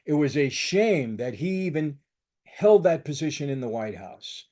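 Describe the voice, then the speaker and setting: On his own channel, an older host gives forceful, combative political commentary full of repetition. His slightly high, darkish voice moves unhurriedly but swings widely in pitch.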